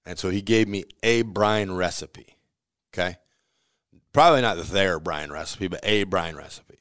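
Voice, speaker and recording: Deep-voiced man telling kitchen stories. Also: measured pace, no room sound, clean studio sound. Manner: animated storyteller who acts out quoted voices, laughs often. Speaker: pizzeria owner. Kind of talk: casual storytelling interview.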